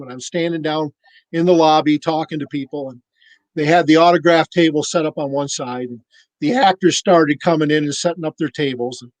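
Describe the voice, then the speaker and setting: A man on a podcast telling a casual, animated story and acting out the voices of the people in it. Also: fairly high pitch, dry recording, rough recording. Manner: animated anecdote-teller, acts out quoted voices. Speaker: podcast cohost.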